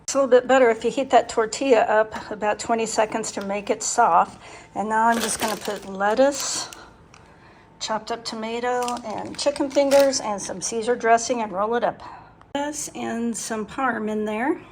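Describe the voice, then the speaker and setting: Older lady vlogging from her kitchen, bit high voice, chatty and frank, lots of ums. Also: normal speed, slight background noise. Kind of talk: casual home vlog chat.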